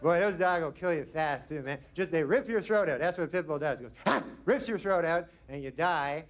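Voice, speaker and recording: Deadpan rambling male comedian, high voice. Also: brisk. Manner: deadpan, rambling, with trailing asides. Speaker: stand-up comedian. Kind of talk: stand-up comedy. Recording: noisy live stand-up recording.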